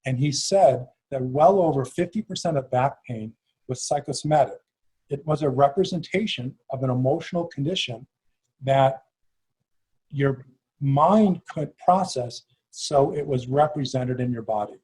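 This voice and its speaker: A middle-aged man with a Chicago accent hosting an interview, talking in an animated way with many restarts. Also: mid-range voice, normal speed, breathy edge, low-quality recording. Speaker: host. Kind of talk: interview conversation.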